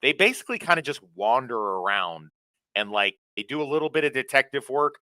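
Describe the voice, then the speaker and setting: A man co-hosting a casual show recap chat, animated and profane, with quick apologetic asides. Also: medium pitch, no room sound. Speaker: co-host.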